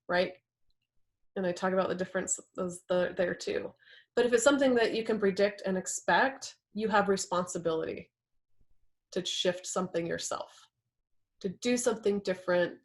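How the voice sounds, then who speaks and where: A woman presenting a live workshop, talking it through in a conversational way and acting out example quotes. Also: medium pitch.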